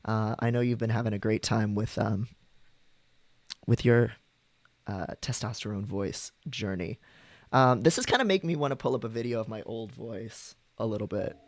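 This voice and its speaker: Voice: medium pitch, normal speed, dry recording. A streamer chatting casually with viewers, rambling with frequent ums and likes.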